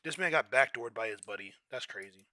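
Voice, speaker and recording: A young man narrates his game as he plays it, his voice bright and forward, recorded dry and close. His pitch jumps around a lot, and he clears his throat now and then. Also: animated, brisk, no room sound. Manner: chatty, reacts loudly to the game, clears throat often. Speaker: streamer. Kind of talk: casual gameplay commentary.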